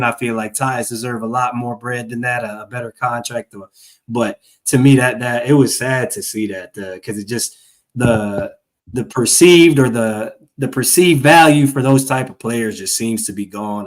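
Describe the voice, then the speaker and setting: A man from Minneapolis co-hosting a podcast, chatting about sports in a laid-back, playful way. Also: mid-range voice. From Minneapolis, USA. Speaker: podcast co-host. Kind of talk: casual sports talk.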